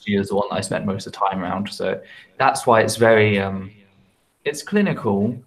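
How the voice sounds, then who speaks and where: A man with a mixed British accent, whose speech blends traces from all over the country. He rambles through his stories and often laughs at himself, speaking in a somewhat low voice during a relaxed group call. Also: normal speed. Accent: mixed British English. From England. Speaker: guest. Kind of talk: casual video call chat.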